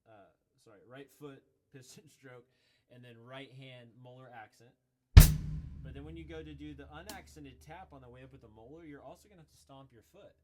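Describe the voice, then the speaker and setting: Man, drum teacher, relaxed explaining, self-corrects, loud drum kit playing between phrases. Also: medium pitch, brisk, over music. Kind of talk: casual video lesson. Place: music school room.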